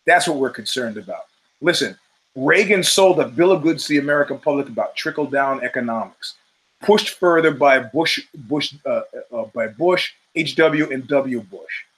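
A man's voice: medium pitch, moderate pace, fairly bright tone, rough recording. A middle-aged man hosting his own show, telling stories in a casual, profane monologue and acting out the voices of people he quotes. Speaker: show host.

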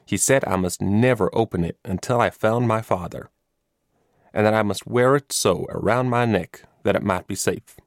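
This is an eager young drummer boy from a storybook, as a man puts him on. He speaks with earnest, hopeful warmth and a pleading edge. The voice keeps a touch of low gravel and sounds dry and close. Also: moderate pace, no room sound.

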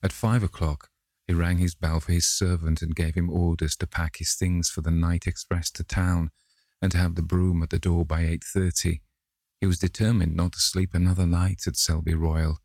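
Deep gravelly male reader. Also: little pitch movement, darkish tone, no echo, clean studio sound. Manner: measured, unhurried narration. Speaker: audiobook reader. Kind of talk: reading a classic novel aloud.

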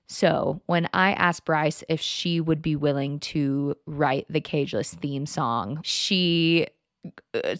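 A woman's voice: low voice, no echo. A woman in her late twenties hosting her own podcast, talking casually in a chatty, giggly, self-deprecating way into a close mic. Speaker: podcast host. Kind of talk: casual solo podcast monologue.

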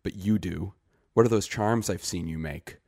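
A man's voice: sits low, normal speed, gravelly, darkish tone, no room sound, studio quality. A man reading a short story aloud and voicing a frightened, desperate young village man who speaks earnestly.

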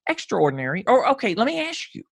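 A man's voice: very high-pitched, wildly swooping pitch, vocal fry, husky, no echo, studio quality. Reflective, curious podcast host man. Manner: curious, reflective, deliberate questioning. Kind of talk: conversational interview.

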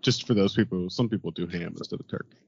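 A man's voice: low-pitched, quick pace, creaky, a little mellow, breathy edge, no room sound, highs cut off. A man co-hosting a podcast in casual banter, cracking puns and laughing at his own jokes. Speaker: podcast co-host.

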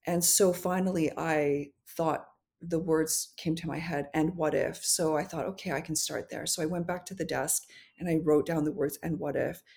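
A woman speaking as a podcast guest, in a low voice. She talks in a reflective, candid way and sometimes restarts as she hunts for the right words. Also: fairly even intonation, normal speed, few pauses, a little mellow. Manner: thoughtful, candid, searching for words. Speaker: podcast guest, memoir author. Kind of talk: reflective conversational interview.

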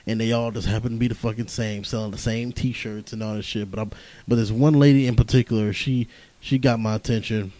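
A man's voice: fairly low pitch, steady tone, fairly quick, warm tone, poor audio. A young man hosting a podcast on his own, tired and rambling, cursing often and laughing through his stories. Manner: profane, laughing, rambling storyteller. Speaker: podcast host. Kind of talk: casual rambling monologue.

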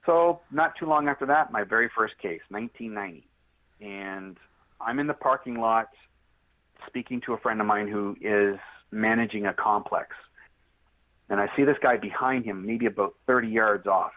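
A man's voice: lowish voice, normal speed. Man telling a story over a phone line. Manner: animated, straightforward storyteller acting out dialogue. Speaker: interview guest. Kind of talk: storytelling in a podcast interview.

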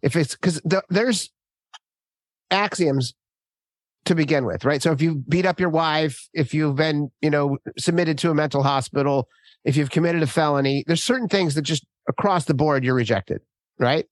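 A man's voice: on the high side, normal speed, no room sound. A man hosting a panel discussion, curious and asking follow-up questions. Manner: inquisitive, asks follow-up questions.

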